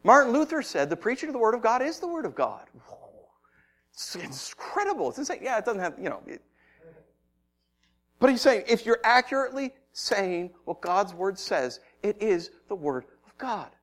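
A man preaching a sermon as pastor, telling stories with lots of energy and acting out shouted voices, then dropping to a soft, low tone for the message and prayer. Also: big pitch swings, normal speed.

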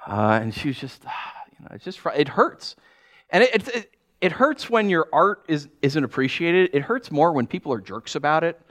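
A man's voice: a little high, moderate pace. A pastor preaching a sermon, talking animatedly and acting out the people he quotes. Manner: animated, acts out quoted voices.

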